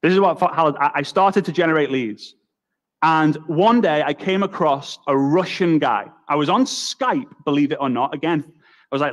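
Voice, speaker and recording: High-voiced Liverpool man giving a pep talk. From England. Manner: energetic storytelling with quick repetitions. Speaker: network marketing speaker. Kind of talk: motivational talk.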